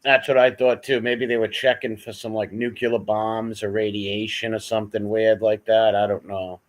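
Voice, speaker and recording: A man's voice: on the low side, little pitch movement, normal speed. A man hosting a casual live-stream chat, asking blunt, probing questions in folksy everyday wording.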